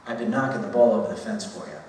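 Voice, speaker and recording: A man's voice: lowish voice, steady tone, very fast, a little mellow, slight background noise, lightly acted. A man doing a pleading young employee. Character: young male Irish employee pleading for a raise. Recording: echoey hall, voice from far off.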